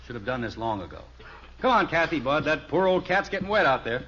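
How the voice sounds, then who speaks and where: An actor playing a cheerful, patient father in 1950s radio acting, good-humored and coaxing, on a dull old radio recording with loud hiss. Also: on the high side, big pitch swings, brisk. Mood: easygoing. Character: cheerful patient suburban father, grown man.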